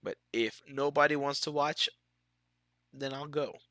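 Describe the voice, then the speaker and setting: A man's voice: fairly high pitch, fairly even intonation, a little slow, fairly bright tone, no echo, clean studio sound. A man with a stuffy, sick-sounding nose chatting casually with his viewers while streaming a game, laid-back and laughing often. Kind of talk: casual live-stream chat.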